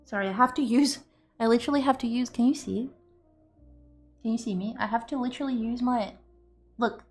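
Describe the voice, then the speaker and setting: A woman's voice: a little high, fairly quick, soft background music. A young woman streaming, chatting casually and rambling with giggles and loose swearing. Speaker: streamer and artist.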